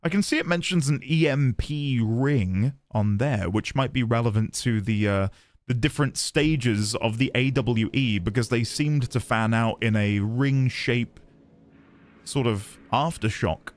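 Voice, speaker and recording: A British man chatting as he streams a game, reading in-game documents aloud in a lively way. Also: mid-range voice, a little slow, slight background noise. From Britain. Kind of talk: casual game-stream chat.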